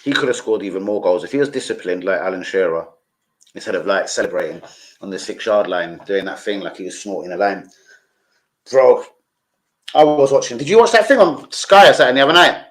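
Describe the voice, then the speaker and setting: A man's voice: fairly low pitch, brisk. A man chatting casually on a football fan vlog, rambling and full of slang and swearing. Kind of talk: casual livestream chat.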